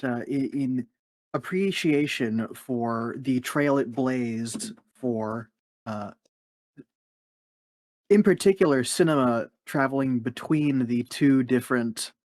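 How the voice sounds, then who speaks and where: A man in a tabletop role-play who speaks in a measured, formal way. He halts now and then to find his words, at an average pitch. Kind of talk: in-character role-play chat.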